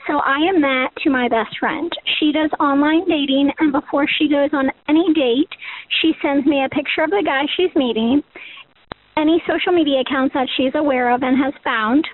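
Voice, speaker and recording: A high-voiced woman from Texas lays things out plainly in a voicemail. The audio is dry and thin, like a phone line. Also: normal speed, dry recording. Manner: explanatory, matter-of-fact. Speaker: caller. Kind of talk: voicemail message.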